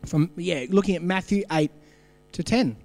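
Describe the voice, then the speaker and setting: A man's voice: high-pitched, moderate pace, darkish tone, in a large hall, soft background music. An Australian man preaching a sermon, telling stories in a conversational way and putting questions to the congregation. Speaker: pastor.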